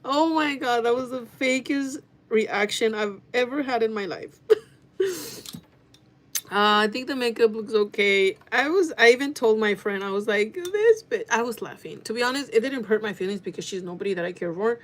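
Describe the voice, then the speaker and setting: A woman in her thirties telling a workplace story to her viewers in a casual, animated, gossiping way. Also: fairly high pitch, moderate pace. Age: 30s. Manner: animated gossiping with frequent swearing and laughter. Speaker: vlogger.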